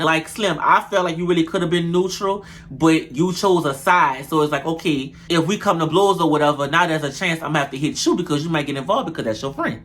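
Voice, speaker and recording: A young man, reviewing a reality show episode in animated, profane, gossipy casual chat. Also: fairly high pitch, a little fast, few pauses, a little hiss or hum. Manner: animated, profane, gossipy, addresses viewers as y'all.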